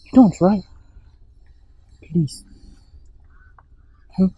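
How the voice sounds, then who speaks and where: A man's voice: high voice, very slow, warm tone, slightly rough, dry recording, heavily acted, poor audio. A man playing a desperate young boyfriend who begs his girlfriend for another chance, with a Ghanaian accent. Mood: pleading. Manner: pleading, repeats her name.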